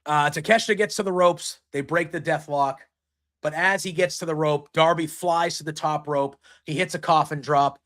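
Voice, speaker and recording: A man's voice: fairly high pitch, steady tone, moderate pace, a bit bright. A man hosting a casual solo wrestling recap, retelling the action play by play with frequent ums. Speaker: wrestling show recap host.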